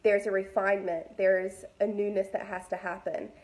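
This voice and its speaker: This woman's medium-pitched, slightly mellow voice moves little in pitch and flows at a normal speed. A mother and faith vlogger, she gives women a casual, candid devotional talk full of fillers, addressing them directly.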